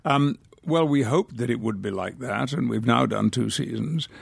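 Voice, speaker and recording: An older man from the north of England tells stories in a measured, wry way. His voice has a gravelly, slightly creaky texture, and the sound is dry and close, with little room around it. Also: medium pitch, no echo. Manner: measured, articulate, wry storyteller. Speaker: guest actor. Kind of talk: anecdotal interview storytelling.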